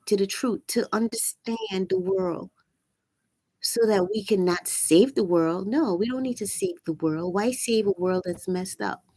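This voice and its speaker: A woman hosting a live-streamed spiritual talk, with a raspy voice and an earnest, preachy manner that repeats phrases for emphasis. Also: mid-range voice, warm tone, no room sound. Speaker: channel host.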